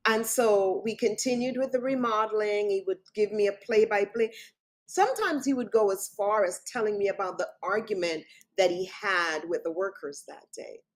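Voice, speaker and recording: A woman's voice: mid-range voice, normal speed. A woman guest on an interview show, recounting a personal story in vivid detail and often quoting what others said. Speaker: author guest.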